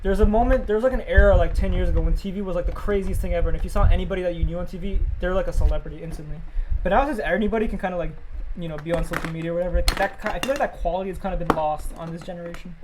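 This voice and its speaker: A young man rambling casually on a livestream, reading viewer questions aloud and answering them into a desk mic that clips when he gets loud. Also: sits high, rapid-fire, noisy background. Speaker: livestreaming animator.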